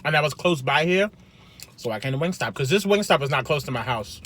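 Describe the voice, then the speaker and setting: A man chatting casually while eating, a food vlogger with an animated, sassy way of talking, recorded in a parked car. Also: a little high, a little fast. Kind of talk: casual mukbang chat.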